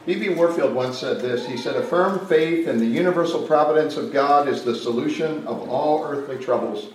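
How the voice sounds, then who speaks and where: A man's voice: a little high, moderate pace. Male pastor, preaching, emphatic and dynamic, recorded from a distance in a roomy hall with faint background noise. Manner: emphatic preaching with dramatic swings in loudness and pace. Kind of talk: sermon. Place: retreat camp meeting space.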